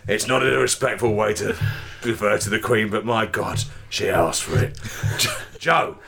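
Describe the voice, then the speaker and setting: A man's voice: lowish voice, normal speed, creaky, fairly bright tone, a little hiss or hum. A man hosting a comedy show, leading crude improv games with playful, bawdy banter. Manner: crude, playful, putting on mock Cockney lines. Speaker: podcast host.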